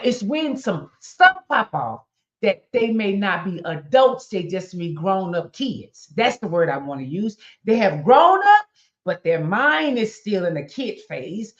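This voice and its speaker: Preaching with emphasis, a middle-aged motivational speaker throws pointed questions straight at her listeners. Her mid-range voice has a slightly bright tone, captured in a dull, lo-fi recording.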